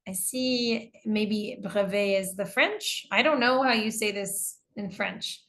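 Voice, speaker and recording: An American woman with a medium-pitched, fairly bright voice speaks slowly while teaching an online English class. She patiently explains terms with examples and reads out students' answers.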